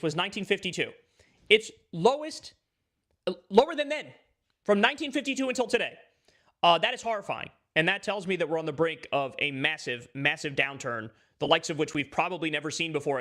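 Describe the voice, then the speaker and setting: A man's voice: on the high side, a bit bright. A man in his thirties giving live political commentary, emphatic and swearing freely as he rants. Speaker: political streamer.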